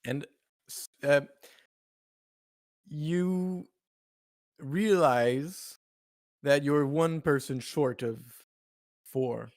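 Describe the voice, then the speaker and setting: A man running a tabletop role-playing game as game master, narrating in a measured way. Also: fairly high pitch, dry recording, clean studio sound.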